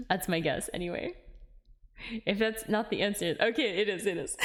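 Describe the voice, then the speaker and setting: A woman's voice: medium pitch, normal speed, long pauses, long reverb tail. A woman streaming a game, chatting casually and laughing at her own character voices, with faint game music behind. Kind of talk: let's-play commentary, reading game dialogue aloud.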